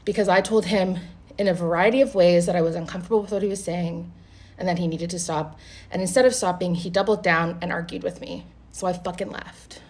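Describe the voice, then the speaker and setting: Blunt, animated woman telling a story. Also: on the low side, fairly quick. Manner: animated, blunt, swears freely. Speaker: vlogger. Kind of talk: casual storytime.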